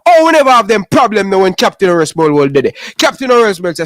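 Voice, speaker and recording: High-voiced Jamaican man, animated chat. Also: quick pace, hardly any pauses, no room sound. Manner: animated, repeats "brother" often. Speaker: podcast co-host. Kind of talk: heated casual sports chat.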